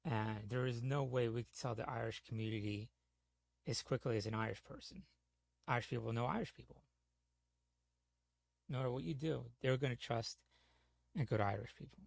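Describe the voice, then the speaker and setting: A man's voice: medium pitch, brisk, vocal fry, pauses often, dry recording. A man chatting casually on a gaming stream, telling rambling, profane stories full of "you know". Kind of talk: casual storytelling chat.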